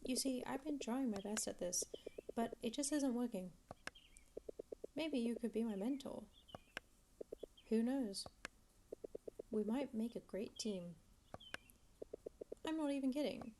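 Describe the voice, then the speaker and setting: A woman's voice: a little high, unhurried, pauses often, background noise. A woman voicing an awkward, friendly teenage boy in a video game. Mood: eager. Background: game music.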